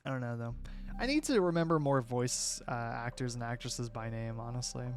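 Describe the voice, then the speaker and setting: A man's voice: medium pitch, moderate pace. A young man streaming and chatting casually with his viewers, opinionated and rambling, often restarting his sentences.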